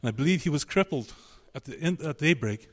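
A man's voice: a little high, animated, a little fast. A man preaching a sermon, emphatic and searching, voicing the pleading of a biblical figure in his quotes.

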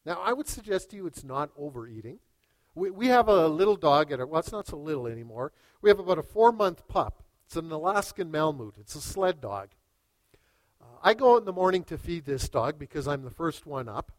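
Male pastor, sermon, high voice, dramatic storytelling, hushed to loud. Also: very animated, fairly quick, no echo, rough recording.

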